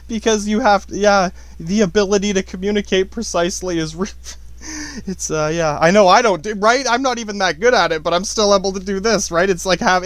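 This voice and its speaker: A man's voice: high voice, dry recording. A man rambling in a casual monologue, swearing often, apologizing and laughing at himself. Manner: profane, self-deprecating, frequent apologies and laughs. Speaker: podcast host.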